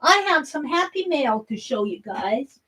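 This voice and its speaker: High-voiced chatty woman crafter. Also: very animated, unhurried, bright, forceful tone, low-quality recording. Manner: chatty, cheerful, thinks aloud while working. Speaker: craft vlogger. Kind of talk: casual crafting vlog chat. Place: home craft room.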